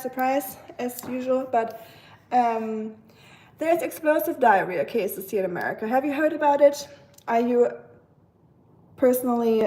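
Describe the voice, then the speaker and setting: Chatty German-accented woman, high voice. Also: darkish tone. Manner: chatty and rambling, talks to viewers in the chat. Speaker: live-stream host. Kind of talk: casual live-stream chat while cooking.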